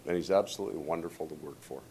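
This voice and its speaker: A man's voice: very deep voice, racing, dark tone, slight background noise. A man in his forties, a hockey coach, telling stories in a casual, rambling, self-deprecating way. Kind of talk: casual storytelling.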